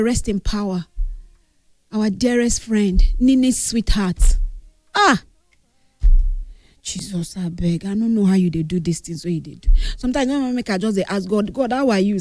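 A woman's voice: fairly high pitch, lively intonation, moderate pace, darkish tone, no echo, studio quality. A grieving woman with a Nigerian accent gives an earnest tribute, mixing English with Pidgin. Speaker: grieving friend giving a tribute. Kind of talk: emotional spoken tribute.

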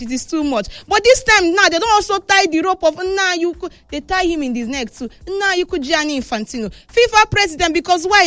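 High-voiced Nigerian Pidgin news woman. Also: dry recording. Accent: Nigerian Pidgin English. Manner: animated, emphatic, retelling quotes with "say". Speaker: football news presenter. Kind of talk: casual football news commentary in Pidgin.

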